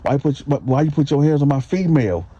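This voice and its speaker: A man voicing a cocky, confrontational male inmate who accuses and repeats himself in a quick, insistent way, in a slightly muffled recording. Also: fairly high pitch, animated, mellow, slightly rough, no room sound, pitched above the performer's own voice. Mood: accusing.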